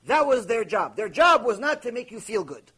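A man's voice: very high voice, big pitch swings, normal speed, pushed and bright, breathy edge, poor audio. A man giving an impassioned Torah lecture on Mussar, rebuking his listeners and mixing Hebrew terms into his English. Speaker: rabbi teaching Mussar.

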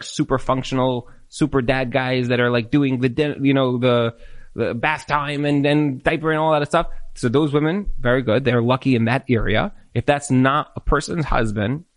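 A man lecturing in a question-and-answer session, animated and acting out bits of dialogue as he explains. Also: medium pitch, moderate pace. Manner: animated, acts out quoted dialogue. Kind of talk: Q&A talk on marriage.

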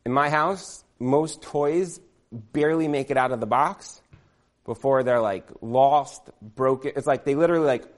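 A man's voice: mid-range voice, unhurried. Rambling man telling a comic story. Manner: rambling, many "like" fillers, laughs at himself.

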